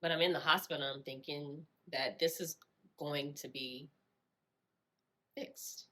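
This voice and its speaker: Bright-voiced woman telling her own story. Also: deep voice, fairly even intonation, unhurried. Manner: reflective, repeats phrases, many fillers. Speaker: storyteller sharing her experience. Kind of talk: personal storytelling.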